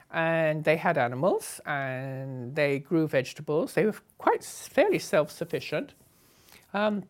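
Older woman telling travel stories. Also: fairly low pitch. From England (Sussex). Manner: chatty, anecdotal, laughs often between phrases. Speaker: traveller recounting her journey. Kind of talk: conversational travel memoir.

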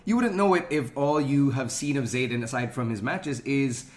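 A man hosting a podcast interview, asking reflective, measured questions. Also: mid-range voice, noisy background. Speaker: podcast host. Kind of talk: conversational interview.

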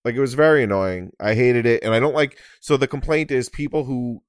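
A man's voice: mid-range voice, fairly quick, clean tone, no room sound. A young man co-hosts a podcast with an exasperated, profanity-laced rant. The sound is dry and close. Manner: exasperated, swears a lot. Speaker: podcast co-host. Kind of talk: casual rant.

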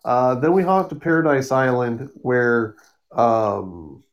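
A podcast co-host with a medium-pitched voice casually sums up a comic book story at a slow pace, with the high frequencies cut off. He rambles with fillers and acts out the characters' lines.

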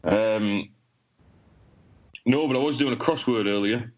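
A man, a podcast co-host telling crude jokes in casual banter with a deadpan delivery. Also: medium pitch, unhurried. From England. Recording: dull lo-fi sound.

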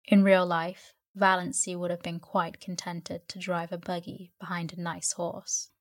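A woman narrating a classic novel as a bedtime sleep story, in an even storytelling manner. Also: on the low side, a little slow. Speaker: audiobook narrator.

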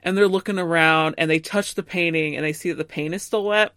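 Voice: medium pitch, steady tone, a little fast, fairly bright tone, clear, resonant tone, no room sound, studio quality. A co-host recapping plot in casual chat, chatty and quoting characters' lines along the way. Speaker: podcast co-host.

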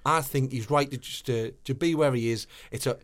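Podcast co-host, man, mid pitch, stumbling then detailed. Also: fairly quick. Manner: hesitant, repeats words, then explains in detail. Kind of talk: casual chat about goalkeeping.

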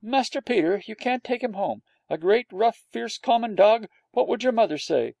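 A fussy, unpleasant nurse, prim and scolding, her tone lifted higher by the man who voices her. It's a storybook read in a dry, close space. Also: animated, normal speed, vocal fry, a little mellow, no echo, exaggerated voice.

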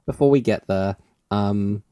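Man, podcast co-host, mellow tone, dry close sound, chatty, laughs a lot. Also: on the low side, measured pace, clean tone, no room sound. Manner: chatty, laughs often, rambling restarts. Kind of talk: casual chat.

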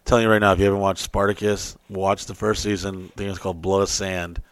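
A man's voice: sits low, little pitch movement, fast, clear, resonant tone, no room sound. A man co-hosting a casual podcast, talking in a profane, emphatic way and getting fired up. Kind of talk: casual crude chat.

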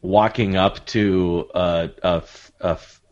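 A man's voice: low voice, fairly even intonation, takes it slowly, darkish tone, muffled recording. A man co-hosting a podcast in casual chat, riffing with dry, sarcastic jokes. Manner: dry, joking riffs, playful sarcasm. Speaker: podcast co-host.

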